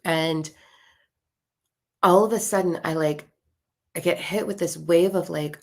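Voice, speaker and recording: A woman's voice: on the low side, fairly quick. A woman telling a personal spiritual story in a casual way, swearing and acting out the voices of people in it. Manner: animated, swears, acts out voices in her story. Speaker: spiritual content creator.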